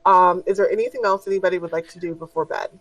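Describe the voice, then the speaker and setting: A woman narrating as game master of a tabletop game in a relaxed way, with many fillers. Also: on the low side, rapid-fire, far from the mic, poor audio.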